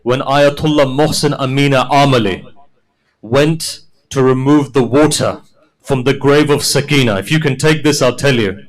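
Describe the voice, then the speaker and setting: A man delivering a mourning sermon, narrating stories with quoted dialogue. He moves from quiet storytelling to a high, loud, wailing climax. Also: moderate pace, low-quality recording. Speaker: preacher.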